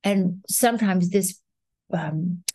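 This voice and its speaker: A woman in her sixties, an actress, talking as a guest in a podcast interview, telling stories in an animated way and acting out rhythms and sounds. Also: fairly low pitch, takes it slowly, slightly rough, no echo. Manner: animated storyteller, acts out rhythms and voices.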